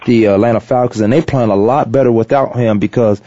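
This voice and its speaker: A man's voice: medium pitch, brisk, mellow, no room sound. A man hosting a casual sports talk radio show, laid-back and laughing with his co-hosts. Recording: dull lo-fi radio audio.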